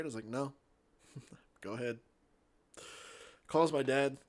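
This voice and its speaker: A man's voice: mid-range voice, measured pace. A young man co-hosting a podcast, telling a story in a casual, profane, laughing way. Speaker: podcast co-host.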